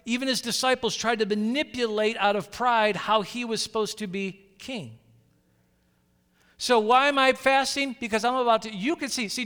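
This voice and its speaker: A middle-aged man preaching as a guest pastor, animated and quick to act out inner voices and question the crowd. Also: very high voice, smooth. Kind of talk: sermon. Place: church hall. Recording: long hall reverb.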